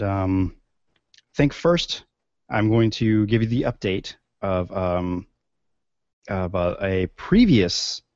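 Gravelly podcast guy, rambly with lots of ums, dull lo-fi sound, dry. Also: deep voice, dry recording. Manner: rambling, many fillers and restarts. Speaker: podcast co-host. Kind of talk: casual podcast chat.

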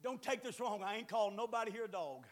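A high-pitched man in his sixties preaching a sermon. He tells homely stories in a folksy drawl, then climbs into loud, hollering exclamations. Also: expressive, fast.

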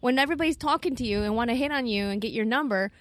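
A woman comedian hosting a podcast, brash and joking with quick comebacks. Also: a little high. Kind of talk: casual chat.

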